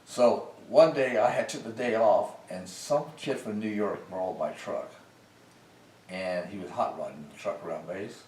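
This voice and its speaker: A man's voice: on the low side, a little slow. An older man, a military veteran, telling folksy stories from his service days in a casual interview. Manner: folksy, animated when recounting arguments. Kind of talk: casual storytelling. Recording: roomy, distant mic with faint noise.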